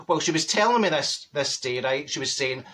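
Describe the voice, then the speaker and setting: A man's voice: fairly high pitch, lively intonation, normal speed, a bit bright. A man playing a chatty, gossipy middle-aged Glaswegian woman with a broad Glaswegian accent, telling rambling comic stories full of malapropisms. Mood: gabbing. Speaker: comedy character monologue. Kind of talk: comedic storytelling monologue.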